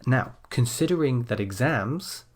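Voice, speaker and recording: A man teaching an essay-writing lesson, calmly explaining and stressing key phrases as he types. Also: medium pitch, measured pace. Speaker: language teacher.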